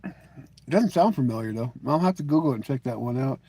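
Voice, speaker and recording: A man's voice: medium pitch, lively intonation, fairly quick, mellow, slightly rough. A middle-aged man hosting a live stream, chatting casually with viewers. He rambles, jokes and leans on "you know" as he talks. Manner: rambling and joking, full of "you know" and restarts.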